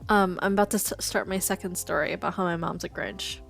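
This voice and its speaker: A woman's voice: on the low side, fairly even intonation, fast, vocal fry, a bit bright, soft background music. A woman streaming, telling stories in a casual, chatty way, laughing often and swearing. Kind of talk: casual stream chat, storytelling.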